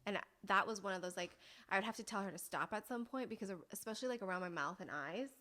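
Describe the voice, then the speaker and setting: A woman hosting a beauty podcast, chatting casually and wandering into excited stories. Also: mid-range voice. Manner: excitable, digressive, quick to laugh. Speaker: podcast host.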